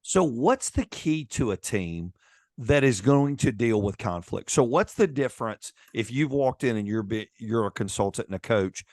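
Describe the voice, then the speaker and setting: A man hosting a podcast, asking questions in an inquisitive way and murmuring quiet agreement while his guest talks. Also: medium pitch, animated, normal speed, dry recording, clean studio sound. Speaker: podcast host. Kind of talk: interviewing.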